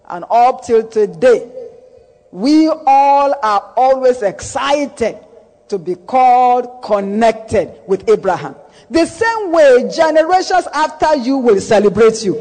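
Male pastor, slow and emphatic sermon delivery with repeated phrases and declared blessings, live in an echoing church hall. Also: very high-pitched, a little mellow.

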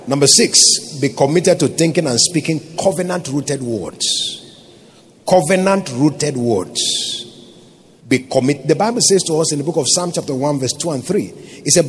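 A man's voice: fairly high pitch, lively intonation, moderate pace, slightly rough. A Nigerian man, a pastor, preaching a sermon and often asking his congregation rhetorical questions.

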